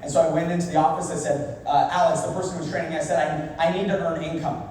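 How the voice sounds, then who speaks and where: A young man giving a motivational speech at a business event, telling a personal story and dropping low and quiet at the emotional parts. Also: little pitch movement, fast. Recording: echoey hall, from far off.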